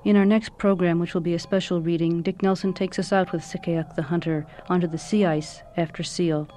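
A woman's voice: on the low side, little pitch movement, a little fast, mellow, soft background music. A woman hosting a radio program, reading formal scripted introductions and sign-offs.

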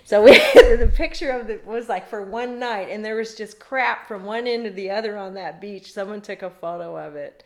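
A woman's voice: medium pitch, moderate pace, hardly any pauses. A middle-aged woman from Alaska, telling a rambling story in a casual interview and laughing often.

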